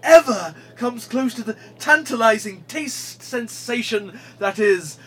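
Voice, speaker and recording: A man doing a high, husky pushy sandwich seller. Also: lively intonation, slow, fairly bright tone, heavily acted. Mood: wheedling. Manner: pushy, teasing, bossy salesman patter. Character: pushy male sandwich seller, cheeky and loud. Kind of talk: comedy sketch acting.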